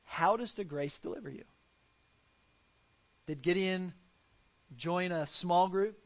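A man's voice: high-pitched, slow pace, creaky, lo-fi sound. A man preaching a sermon as pastor, earnest and fond of rhetorical questions.

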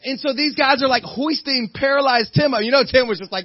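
A male guest preacher with a high voice and a slightly husky edge, delivering a lively sermon. He swings into playful character voices and builds to loud, fired-up peaks. The sound is dry and somewhat dull. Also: brisk, no room sound. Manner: animated, acts out the characters in the story.

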